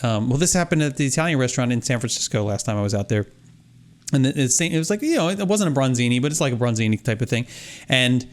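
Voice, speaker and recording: A man co-hosting a podcast, telling stories in a casual, animated, mock-exasperated way. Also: mid-range voice, fast. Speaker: podcast co-host. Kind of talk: casual chat. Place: Florida.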